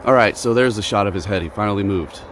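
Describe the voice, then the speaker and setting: A man with a fairly bright tone talks quickly in a casual vlog, filming a moose from his home as a faint hiss or hum plays underneath. He's chatty, now and then turning to his dog in a high, playful voice.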